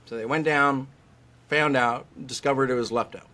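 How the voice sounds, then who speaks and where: A man's voice: mid-range voice, normal speed. A middle-aged man, a veterinary specialist, talking as a guest on a podcast and acting out the voices of people he quotes. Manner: animated storyteller, acts out quoted voices. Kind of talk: podcast interview.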